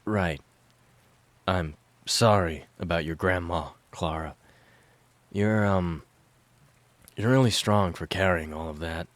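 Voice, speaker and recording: A man's voice: low-pitched, slow, pauses often, no room sound. A man voicing a weary, wry young man.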